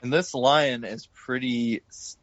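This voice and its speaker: A man's voice: mid-range voice, fairly even intonation, unhurried, a bit bright, dry recording. A man co-hosting a podcast, describing film moments in an easygoing way. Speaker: podcast co-host. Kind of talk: casual film discussion. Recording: dull lo-fi dry sound.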